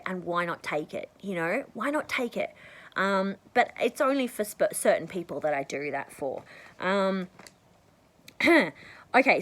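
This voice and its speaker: A woman vlogger giving casual advice to the camera, rambling and chatty, often clearing her throat. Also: rough recording. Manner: bursts into high excited tones when acting out conversations.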